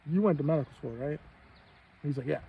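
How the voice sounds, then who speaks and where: Gravelly, profane man ranting. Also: quick pace. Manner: profane, aggrieved, quotes others in his own voice. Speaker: vlogger. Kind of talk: angry personal rant. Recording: muffled low-fi audio with faint background noise.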